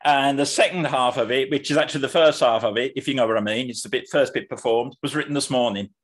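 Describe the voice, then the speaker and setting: British man, poet on a video call, self-deprecating rambling intro, ordinary mid-pitched voice. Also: quick pace. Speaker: poet, open mic performer.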